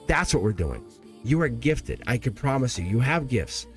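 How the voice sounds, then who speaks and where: A middle-aged man giving an earnest, animated live tarot reading, addressing the viewer directly and often breaking off mid-sentence. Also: normal speed, faint music behind. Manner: earnest and animated, swinging pitch, frequent laughs and self-interruptions. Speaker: tarot reader.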